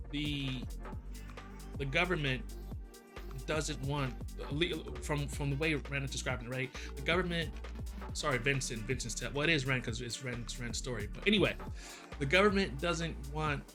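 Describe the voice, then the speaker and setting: A man hosting a music reaction, rambling and excitable, full of fillers and restarts. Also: medium pitch. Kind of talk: casual reaction commentary.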